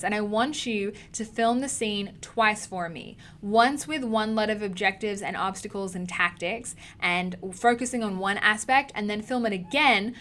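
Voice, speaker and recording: A woman with an Australian accent and a medium-pitched, bright, forceful voice gives an online acting lesson. The acting teacher is emphatic, repeating key words for stress.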